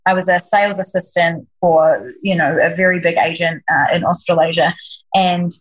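A woman's voice: fairly low pitch, fairly even intonation, moderate pace, slightly rough, rough recording. A woman who works as a leadership coach, answering interview questions in an earnest, reflective way, often restarting her sentences. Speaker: leadership coach, podcast guest.

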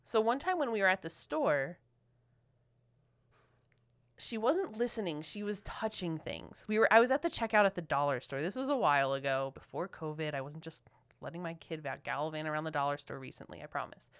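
A woman from Philadelphia co-hosting a marriage podcast, telling a story in an animated way and acting out what people said. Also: sits low, brisk. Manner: animated, quotes people in lively voices. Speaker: podcast co-host. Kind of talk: casual storytelling chat.

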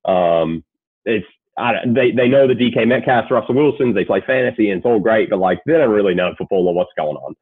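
Australian guy, late 20s, low voice, laid-back, swears a lot, phone-quality audio. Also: expressive, brisk, breathy edge, dry recording. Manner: laid-back, swears freely, many fillers. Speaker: guest, sports agent. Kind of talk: casual storytelling. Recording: tinny phone-like call audio.

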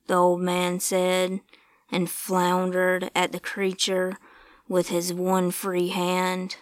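A woman tells a ghost story at a very slow, deliberate pace, her voice sitting fairly low. The recording is dry and close, with no room sound around her. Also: monotone, no echo. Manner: slow, measured storytelling, sometimes hushed. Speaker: narrator. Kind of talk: scripted ghost story narration.

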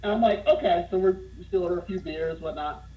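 A man telling a funny bar story in casual conversation, getting more animated as he goes. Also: fast talker, highs cut off. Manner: animated, gets louder and higher as the story builds.

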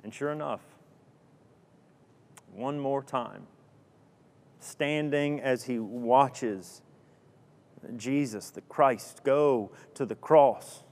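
A man preaching a sermon, telling a story dramatically with rhetorical questions and sudden drops to a hush. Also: mid-range voice. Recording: long hall reverb.

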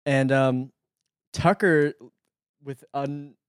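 A man's voice: mid-range voice, steady tone, drawn-out words, clear, resonant tone, no room sound, studio quality. A young man co-hosting a podcast, joking loosely and laughing a lot in casual chat. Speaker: podcast co-host.

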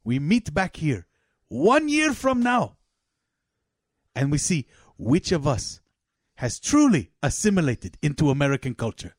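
A man's voice: medium pitch, animated, normal speed, hardly any pauses, no echo, clean studio sound, voice pushed down, natural voice. A man putting on the voice of a proud immigrant father who speaks in grand, formal phrases and keeps asking "huh?". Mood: boastful. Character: boastful immigrant father, middle-aged man.

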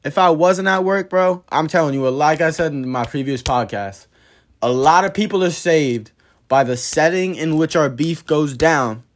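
A man's voice: a little high, moderate pace. A man hosting a podcast, telling a story in a blunt, profane, heated way. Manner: blunt, profane, heated retelling of a work dispute. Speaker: podcast host. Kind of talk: casual storytelling monologue.

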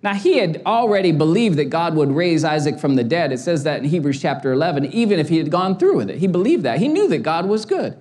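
Pastor guy in his 40s, preaching all fired up, pitch jumps around a lot, funny stories. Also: big pitch swings, fast, few pauses, darkish tone. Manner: impassioned, storytelling with humor. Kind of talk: sermon.

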